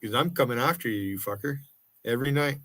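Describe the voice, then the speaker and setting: A man's voice: mid-range voice, lively intonation, quick pace, fairly bright tone, no echo. Profane older American man ranting. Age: 60s. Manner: profane and confrontational. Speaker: livestreamer. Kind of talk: angry livestream rant.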